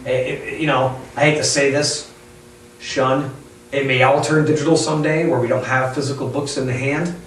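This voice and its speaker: A man who owns a bookstore, chatting casually in an interview, rambling and animated as he tells stories. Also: medium pitch, normal speed, a little hiss or hum. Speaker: bookstore owner and author. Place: inside his bookstore. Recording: echoey room, mic at a distance.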